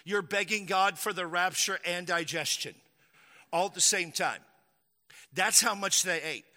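A man preaches a sermon with a bright, sharp, slightly high voice. He tells the story in a lively way, acting out quotes and joking with the crowd, while a long reverb trails after each phrase. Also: measured pace. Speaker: pastor.

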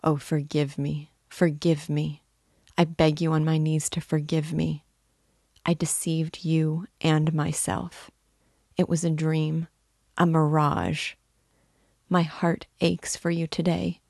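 A woman reading aloud as a remorseful young woman who pleads softly and earnestly in a letter. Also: deep voice, little pitch movement, slow pace, creaky, dry recording, studio quality, exaggerated voice. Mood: pleading. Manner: soft, earnest, imploring.

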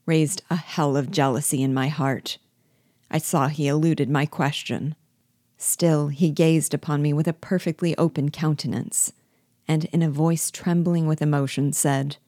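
A woman reading a novel aloud as its guide, in a steady, measured storytelling manner. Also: sits low, no echo, studio quality.

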